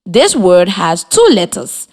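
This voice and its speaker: In a fairly low, slightly mellow voice with a sing-song lilt, a Liberian woman delivers a reading lesson by radio. She speaks slowly and clearly, asking the children encouraging questions.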